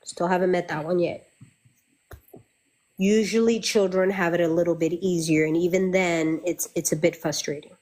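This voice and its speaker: A woman's voice: on the low side, steady tone, moderate pace, darkish tone. A middle-aged woman, a Santeria practitioner, chatting candidly and swearing freely as she tells her stories. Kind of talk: casual chat.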